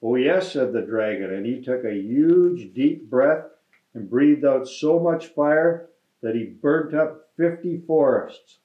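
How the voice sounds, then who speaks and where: A man, a mayor, reading a children's picture book aloud in a gentle, friendly storytelling manner. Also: medium pitch, slow. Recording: echoey room, dull lo-fi sound.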